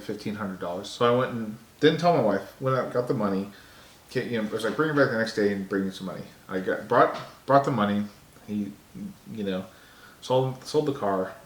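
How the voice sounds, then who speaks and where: A man telling a story on a casual podcast, jumping into a high voice for quoted lines. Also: echoey room. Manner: animated, acts out quotes in a high voice. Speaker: podcast co-host.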